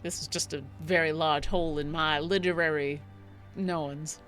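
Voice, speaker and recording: A woman playing a tabletop game in character, speaking in a formal, measured way. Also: low-pitched, steady tone, fairly bright tone, soft background music. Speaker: player.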